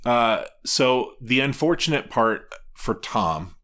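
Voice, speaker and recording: A man co-hosting a casual chat, recounting a reality show in a soft, rambling way. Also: fairly low pitch, normal speed. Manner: rambling, soft-spoken, frequent restarts. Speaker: podcast co-host.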